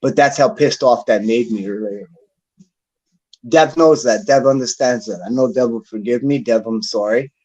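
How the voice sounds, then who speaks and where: A man's voice: mid-range voice, normal speed, darkish tone. A man hosting a casual chat show, ranting in a heated, profane, repetitive way. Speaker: podcast host. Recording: dull lo-fi sound.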